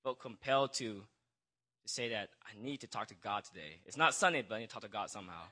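A man's voice: on the low side, lively intonation, fairly quick, sharp tone. A young man giving a personal testimony into a handheld microphone at a church gathering, hesitant and nervous, stumbling over restarts and apologizing as he goes.

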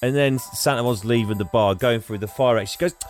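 An English man hosting a podcast, retelling a film with lots of laughter and animated storytelling. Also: medium pitch, fast, soft background music. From England. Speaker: podcast host. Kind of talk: casual chat, retelling a film.

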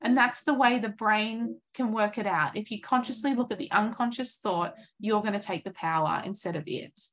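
A woman in her thirties giving an earnest, encouraging coaching talk, acting out inner thoughts in lively voices. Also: medium pitch, normal speed. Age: 30s.

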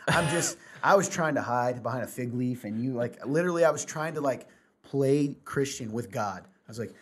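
A man's voice: mid-range voice, quick pace, husky. A man, a pastor, talking in a casual church podcast in an earnest, rambling way and laughing often.

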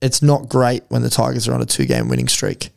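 A man's voice: medium pitch, sing-song, a little fast, creaky. A young Australian man co-hosting a podcast, talking in a laid-back, slangy way and swearing freely. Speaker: podcast co-host. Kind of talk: casual chat.

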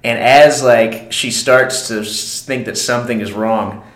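A man's voice: medium pitch, steady tone, unhurried, fairly bright tone. A laid-back man with a mid-range voice chats about movies, slipping in casual slang as he goes. The room around him is echoey, and it gives his voice a roomy sound. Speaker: podcast co-host. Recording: roomy echo.

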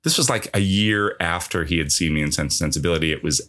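A man's voice: low voice, fast, pushed and bright. A man chatting casually on a film podcast, rambling and swearing, with frequent laughs. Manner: rambling, profane, laughs often. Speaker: podcast co-host, actor.

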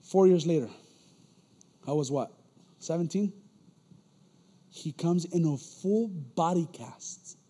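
A young man preaching a sermon as a church elder, telling stories with animated energy and repeating words as he gets going. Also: a little high, slow, long pauses, husky. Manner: animated storytelling, repeats words when excited.

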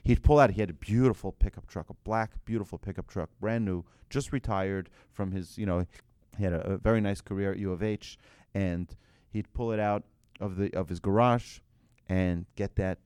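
A lower-voiced man teaching a religious class to a room of listeners. He talks in an animated way, tossing out rhetorical questions and telling stories. The sound is dry and close. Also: normal speed, few pauses, clear, resonant tone, no room sound. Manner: animated, asks rhetorical questions, tells anecdotes.

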